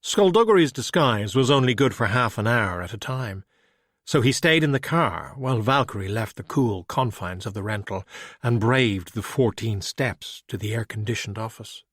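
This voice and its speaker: A man narrating an audiobook with steady, even storytelling. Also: fairly low pitch, moderate pace, no room sound, clean studio sound.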